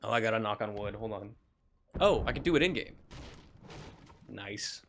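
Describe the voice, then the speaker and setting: A man's voice: fairly low pitch, expressive, moderate pace, fairly bright tone, a little hiss or hum. A young man streaming a video game, chatting casually with lots of jokes, swearing and laughter. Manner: rambling, joking, swearing, laughing often. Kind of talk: live gameplay commentary.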